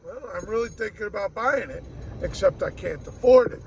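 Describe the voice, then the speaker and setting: A man's voice: high voice, moderate pace, slight background noise, rough recording. A man ranting casually to camera in a rambling, wry way, mimicking other people as he goes. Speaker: vlogger.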